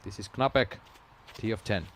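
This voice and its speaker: Low-pitched guy doing play by play, calm then jumps up when a shot lands, bit of outdoor hum behind. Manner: calm, measured play-by-play with sudden excited rises. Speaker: play-by-play commentator. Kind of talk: live sports commentary.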